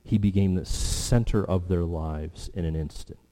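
A man preaching a sermon, emphatic, slowing down to stress key phrases. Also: sits low, warm tone. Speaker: pastor.

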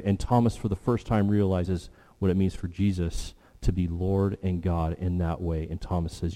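Emphatic low-voiced male preacher. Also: steady tone, mellow. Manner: emphatic, slowing on key phrases. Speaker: pastor. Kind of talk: sermon.

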